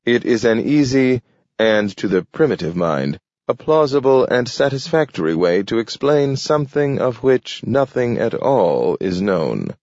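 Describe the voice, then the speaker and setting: A man narrating an audiobook in a measured, deliberate reading. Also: medium pitch, sing-song, a little mellow, no room sound. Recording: dull lo-fi recording.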